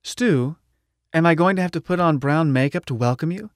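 A man's voice: on the high side, normal speed, dry recording, voice pushed up, lightly acted. A playful, affectionate young woman who teases her friends, put on by a male narrator with a voice lifted several steps above his normal tone. The reading is dry and close, with no room around it. It is an audiobook character voice. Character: lively, teasing young woman revolutionary.

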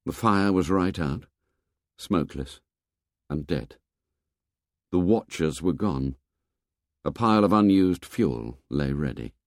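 A man narrating a novel in a measured, expressive storytelling manner. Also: deep voice, no room sound, studio quality. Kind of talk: audiobook narration.

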